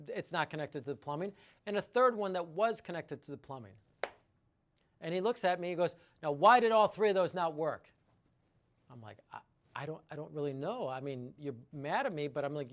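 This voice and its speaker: A middle-aged man with a fairly high voice tells a story about his water treatment business in a relaxed, casual way. He gets animated and acts out what his customers said to him. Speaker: water treatment company owner.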